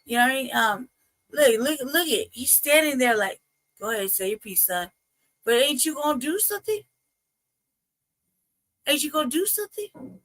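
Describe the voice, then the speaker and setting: Southern woman chatting on a stream, blunt, cusses, pretty high voice. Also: lively intonation, normal speed, long pauses, a bit bright. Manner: blunt, profane, conversational. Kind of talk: casual chat.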